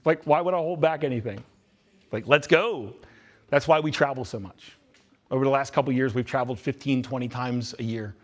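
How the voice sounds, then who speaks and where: At a youth retreat, a man of medium pitch addresses a roomful of students fairly quickly, driving his points home bluntly and intensely through repetition. It's a live motivational session with Q&A, set in a big indoor space with a live crowd.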